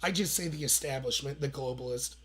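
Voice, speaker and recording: A man's voice: medium pitch, brisk. A man in his thirties hosting an opinionated livestream, telling stories in a heated, sarcastic way. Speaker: political commentary host.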